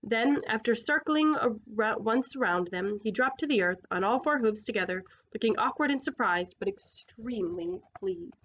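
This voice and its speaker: A woman's voice: fairly high pitch, lively intonation, normal speed, hardly any pauses, fairly bright tone, highs cut off, a little hiss or hum. Woman casually reading a storybook aloud. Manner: informal, with slips, restarts and asides. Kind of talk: casual read-aloud narration.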